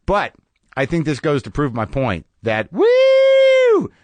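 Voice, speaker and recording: A man's voice: expressive, moderate pace, dry recording, highs cut off. Dry-sounding man telling a wry story. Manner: wry, profane storyteller, mimics voices with high yelps. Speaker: podcast host. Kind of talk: casual storytelling monologue.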